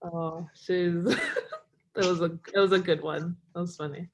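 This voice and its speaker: A woman's voice: fairly low pitch, steady tone, measured pace, background noise. A young Australian woman, a college basketball player, chatting casually on a video call, full of "like" fillers and laughing often. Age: young adult. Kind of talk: casual remote interview.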